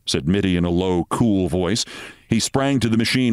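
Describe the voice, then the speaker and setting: A male host reading a short story aloud, measured and expressive. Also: on the low side, smooth, dry recording, studio quality.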